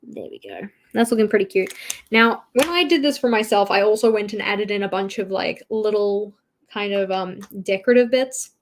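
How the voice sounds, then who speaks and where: The speaker is an Australian woman at medium pitch and normal speed, running a relaxed drawing livestream. She laughs, chats and reads viewer comments out loud as she works.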